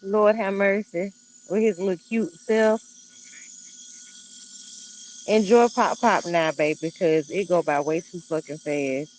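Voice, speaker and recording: A woman's voice: on the low side, steady tone, takes it slowly, long pauses, a little mellow, slight background noise, poor audio. Doting woman in her thirties chatting. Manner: emotional, doting, exclamatory. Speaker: participant. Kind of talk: casual group chat.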